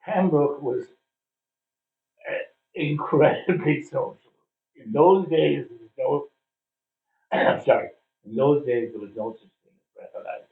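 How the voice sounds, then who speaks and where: An older man from Ireland, a former cricketer, reminiscing in a casual interview, telling his stories with plenty of "uh" pauses. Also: a little high, gravelly. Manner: chatty storyteller with frequent "uh" pauses. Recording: distant, phone-like, roomy sound.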